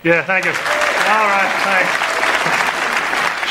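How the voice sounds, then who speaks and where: A man from New York doing a stand-up routine in a deadpan, self-mocking manner, heard in an old recording with a loud crowd and noise. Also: a little high, slow. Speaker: stand-up comedian.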